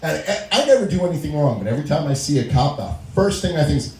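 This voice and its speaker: Man, middle-aged, stand-up comic, lively up-and-down delivery, mellow tone, echoey club. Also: fairly high pitch, quick pace. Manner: storytelling with frequent laughs and acted-out quotes. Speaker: stand-up comedian. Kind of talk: stand-up comedy set. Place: small comedy venue. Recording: echoey room recording.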